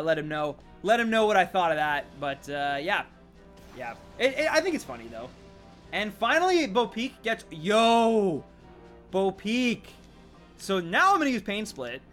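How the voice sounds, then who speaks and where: A man streaming a video game live, commenting excitedly on his moves and chatting with viewers. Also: high-pitched.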